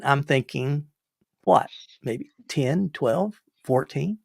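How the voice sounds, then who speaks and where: An older man spins casual stories for his livestream in a gravelly voice. He rambles, restarts and chuckles along the way. The sound is dry and close, with no room around it. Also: medium pitch, animated, takes it slowly, dry recording. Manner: rambling, repeats words, chuckles. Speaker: livestream host. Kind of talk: casual storytelling.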